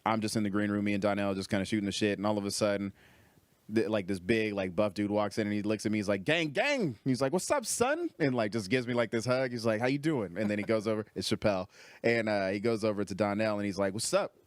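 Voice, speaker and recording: A young man, a comedian guest, telling a story in casual, animated chat, swearing freely and jumping up in pitch when he quotes people. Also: fast, no room sound.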